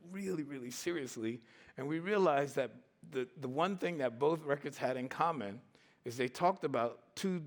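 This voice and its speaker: Older guy on a conference stage, lively storyteller, does all the voices himself, laughs a lot. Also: mid-range voice. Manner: animated, acts out the voices in his stories, laughs often. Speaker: conference speaker. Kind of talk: storytelling talk.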